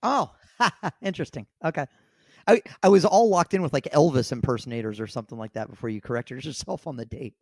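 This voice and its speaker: A man's voice: medium pitch, brisk, dry recording. Easygoing man answering trivia, dry sound. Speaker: trivia contestant. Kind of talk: casual game banter.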